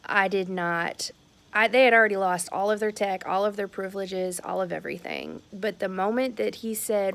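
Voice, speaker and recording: A woman's voice: medium pitch, steady tone, moderate pace, a bit bright. A woman in her thirties talks candidly and emphatically to the camera at home about a family incident. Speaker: vlogger, mother. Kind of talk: casual talk to camera. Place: at home, near a porch.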